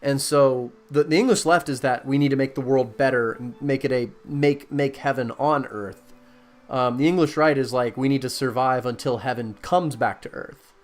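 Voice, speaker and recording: A man's voice: mid-range voice, fairly even intonation, normal speed. A man hosting a casual conversation, explaining and reading out facts with many fillers and restarts.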